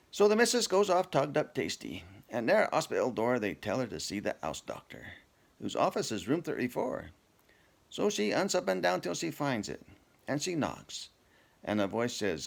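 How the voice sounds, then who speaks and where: A man's voice: mid-range voice, wildly swooping pitch, normal speed, vocal fry. A man reciting a comic poem from memory, telling it in broad northern dialect.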